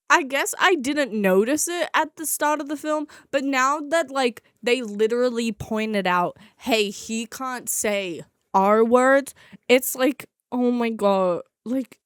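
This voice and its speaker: A young woman with a slight lisp recaps a movie in a sarcastic, exasperated, mocking way. Her voice sits a little high and sounds smooth and clear. It is recorded close and dry. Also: slow pace, no room sound. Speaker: movie reviewer. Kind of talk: casual comedic movie recap.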